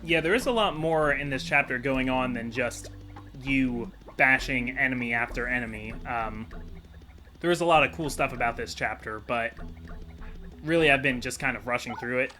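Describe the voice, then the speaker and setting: Chatty bright-voiced man playing a game. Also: mid-range voice, moderate pace, soft background music. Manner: chatty, rambling, self-deprecating. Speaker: video game let's-play host. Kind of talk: casual gameplay commentary.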